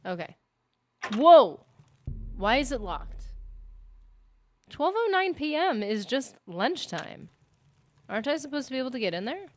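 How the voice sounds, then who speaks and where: Rambling, animated woman streamer. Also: sits high, a little slow, long pauses, a little hiss or hum. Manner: rambling, animated, heavy use of "like". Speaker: gaming streamer. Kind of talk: casual live-stream commentary.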